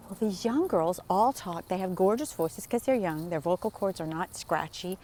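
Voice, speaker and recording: Woman, 60s, lower voice, casual walking vlog, rambles and acts out quotes; light outdoor hiss. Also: expressive, moderate pace, few pauses, dark tone. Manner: rambling storytelling, acting out quotes. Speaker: vlogger. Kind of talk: casual chat while walking. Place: outdoors in the desert.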